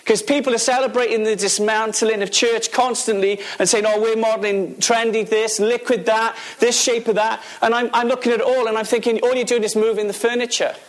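A man delivering a sermon in a notably high voice. He preaches emphatically, firing questions at his listeners and repeating key phrases to drive them home. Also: little pitch movement, brisk, few pauses.

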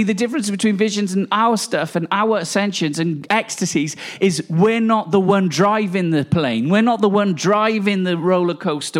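Exuberant high-voiced male preacher. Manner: exuberant, laughing, emphatic. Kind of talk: charismatic sermon.

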